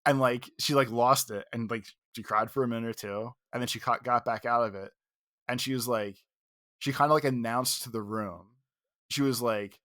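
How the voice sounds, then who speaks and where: Male podcast co-host, mid-pitched, casual and animated, swears a lot, dry close mic. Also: normal speed, dry recording. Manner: animated, profane retelling with quoted outbursts. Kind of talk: casual storytelling chat.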